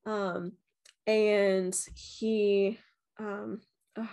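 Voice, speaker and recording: A woman's voice: mid-range voice, little pitch movement, drawn-out words, a little mellow. A young woman telling the story of her haunted house visit in a casual vlog, chatty and full of "um" and "like". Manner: chatty, many "um" and "like", acts out quotes with voices. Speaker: vlogger reviewing a haunted house.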